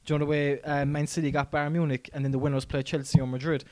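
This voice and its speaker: A man in his thirties with an Irish accent, co-hosting a podcast in laid-back, halting casual chat. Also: a little high, level tone, warm tone, dry recording. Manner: laid-back, stumbling, agreeable. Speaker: podcast co-host. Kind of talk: casual banter.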